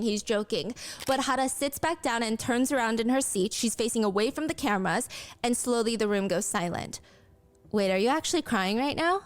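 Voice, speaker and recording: A woman telling a true story in a conversational narration, explaining context and acting out the quoted lines. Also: on the high side. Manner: acts out quotes in lively voices; explains cultural context to viewers.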